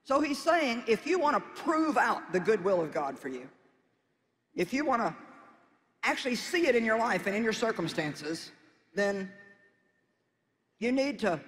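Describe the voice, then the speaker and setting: Very high-voiced man preaching in a hall. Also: a bit bright. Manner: folksy and conversational, with emphatic exhortations. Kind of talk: sermon.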